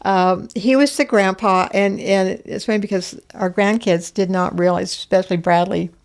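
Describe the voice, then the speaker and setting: An older woman guest in a casual interview, telling family stories in an animated way and acting out the voices of the people she quotes. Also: medium pitch, normal speed.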